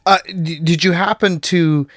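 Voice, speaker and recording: A man with a higher voice hosts a podcast, asking questions eagerly and laughing easily. His sound is dry and close, with no room around it. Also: fairly even intonation, a little slow, no echo. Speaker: podcast host. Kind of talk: casual interview chat.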